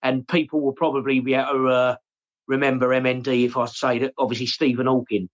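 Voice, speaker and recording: English man in his forties, candid and halting. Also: medium pitch, level tone, dull audio. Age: 40s. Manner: candid, repeats words, often says "mate". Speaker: podcast guest. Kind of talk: emotional personal interview.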